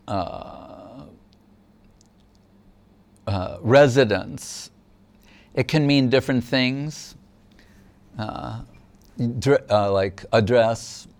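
Male spiritual teacher, devotional lecture, unhurried and smooth, mid-pitched, reflective. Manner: measured, reflective explaining.

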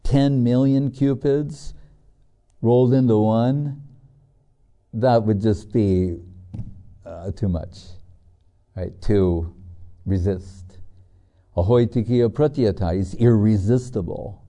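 Brief: middle-aged male spiritual teacher, chatty storyteller, unhurried and dark-toned. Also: fairly low pitch, fairly even intonation. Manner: storytelling, chatty with many fillers. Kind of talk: devotional scripture lecture with anecdotes.

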